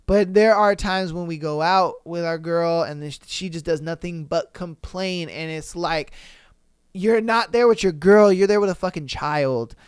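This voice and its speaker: High, smooth-voiced young man riffing. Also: no room sound, studio quality. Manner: blunt, profane, joking, fast talker. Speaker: podcast host. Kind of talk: casual chat.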